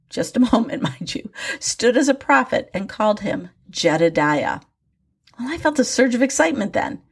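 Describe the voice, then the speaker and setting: An older woman with a gravelly, husky voice tells a personal faith story about her grandchildren. Her pitch moves a lot, rising and falling as she goes. She sounds reflective and wry, and often pokes fun at herself. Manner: reflective, wry, self-deprecating.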